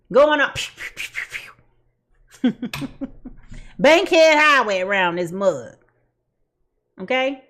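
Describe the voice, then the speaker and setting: A woman's voice: fairly high pitch, fairly bright tone. A woman giving a casual tarot reading in a blunt, sassy way and laughing at her own jokes. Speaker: tarot reader.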